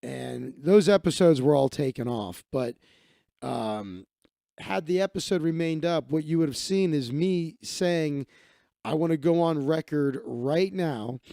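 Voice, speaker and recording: Gravelly, high-voiced male streamer. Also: mellow, dry recording, clean studio sound. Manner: rambling, profane, quick asides. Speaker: live stream host. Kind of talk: casual live stream storytelling and chat replies.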